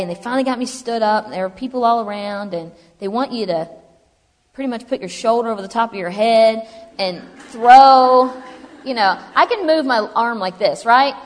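Chatty woman in echoey hall. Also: fairly high pitch. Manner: chatty, humorous, animated storytelling. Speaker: speaker telling her story. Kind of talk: personal testimony to a live audience. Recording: long hall reverb.

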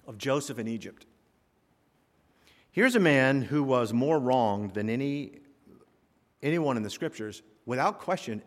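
A male pastor preaching a sermon, swinging from quiet asides to loud, rising exhortation. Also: medium pitch. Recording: long hall reverb.

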